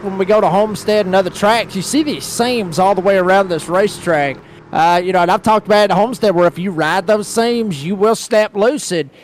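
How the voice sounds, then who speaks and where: A man's voice: high-pitched, slight background noise. A man doing color commentary on a sim race, explaining replays in a folksy, rambling way. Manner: folksy, explanatory, lots of "I mean".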